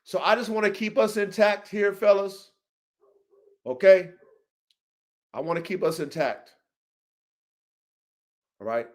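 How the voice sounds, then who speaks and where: A man hosting a show about his dogs, ranting profanely to viewers, swinging from low mutters to heated shouting, with repeats and restarts. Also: slow pace, pauses often. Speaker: podcast host and dog breeder. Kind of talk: rant to viewers.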